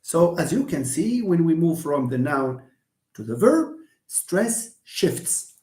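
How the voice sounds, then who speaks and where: A man teaching English pronunciation in a live online lecture, slowly repeating words and drilling syllables aloud. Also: fairly high pitch, a little mellow, reverberant.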